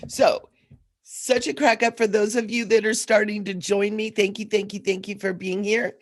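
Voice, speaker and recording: A woman's voice: medium pitch, level tone, normal speed. A middle-aged woman hosting a casual spiritual livestream talk, rambling and laughing as she goes, a little sleepy and groggy. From Southern California. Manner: rambling, laughs often, frequent fillers. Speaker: host.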